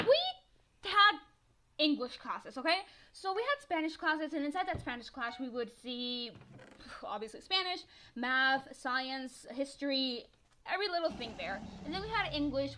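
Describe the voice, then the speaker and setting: Chatty excitable teen girl from Mexico. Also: high-pitched. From northern Mexico. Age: teens. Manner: chatty, excitable, swears freely, laughs often. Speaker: gaming vlogger. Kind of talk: casual storytelling voiceover.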